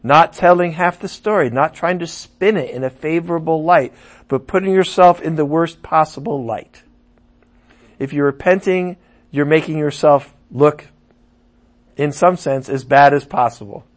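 A man preaching a sermon, animated, swinging from loud emphasis to muttered asides. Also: on the high side, moderate pace.

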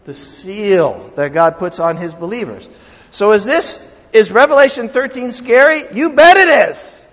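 A man preaches with a high, lively voice, leaning hard on key lines and then dropping into quiet asides. The sound is dull and lo-fi, carrying a long reverb from a church sanctuary. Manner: animated preaching, swings from loud emphasis to quiet asides. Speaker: pastor. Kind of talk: sermon.

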